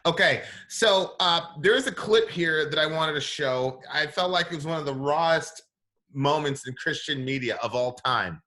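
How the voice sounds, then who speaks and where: A man's voice: a little high, moderate pace, pushed and bright. A man hosting a casual interview over a video call, chatty and easygoing, laughing often. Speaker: host.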